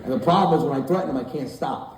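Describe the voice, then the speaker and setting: A man in his thirties doing stand-up comedy, telling stories loudly, acting out voices and swearing, on a stage mic in a large hall with a laughing audience. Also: medium pitch, racing, slight background noise. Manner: loud animated storytelling, acts out voices, swears. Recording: roomy hall from a distance with crowd laughter.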